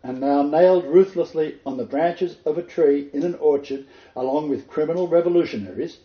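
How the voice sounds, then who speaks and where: In an echoey room with dull lo-fi sound, a messianic rabbi and minister teaches, giving scripture quotations dramatic emphasis. His pitch is fairly high and his pace normal.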